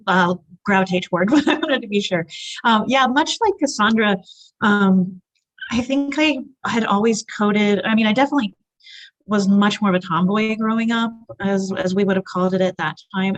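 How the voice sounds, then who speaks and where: Lower-voiced woman, rambling panelist. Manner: chatty, rambling, self-correcting. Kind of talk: panel discussion over video call.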